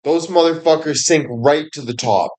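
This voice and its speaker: A man's voice: fairly high pitch, moderate pace, darkish tone. A man giving a crude, rambling comedic monologue on a livestream, swearing constantly and laughing at his own jokes. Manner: profane, rambling, laughs often, fillers like "you know".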